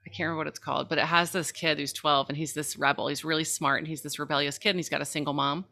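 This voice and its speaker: Bright-toned, lower-pitched woman guest; thoughtful mother sharing parenting stories in casual conversation. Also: rapid-fire, gravelly. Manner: reflective, animated when retelling stories. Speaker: guest, mother of a young son.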